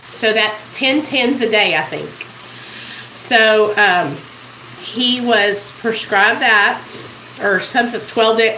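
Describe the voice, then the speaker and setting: A woman's voice: a little high, a bit bright, echoey room, slight background noise, rough recording. A woman vlogger telling a rambling, chatty story straight to camera, often addressing viewers as "you guys". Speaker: vlogger in addiction recovery. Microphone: built-in camera mic.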